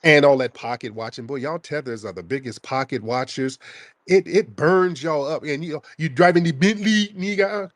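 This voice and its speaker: A man's voice: a little high, moderate pace, no room sound, clean studio sound. A man hosting a call-in podcast, arguing with a caller in a combative, mocking way and repeating his questions. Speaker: podcast host taking calls. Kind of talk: heated call-in argument.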